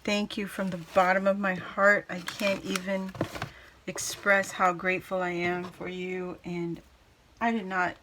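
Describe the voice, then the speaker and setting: A woman unboxing a craft gift for her viewers in casual chat, gushing and exclaiming with delight, then slowing down to take it all in. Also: on the low side, little pitch movement, sharp tone, slight background noise. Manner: slow and drawn out between exclamations.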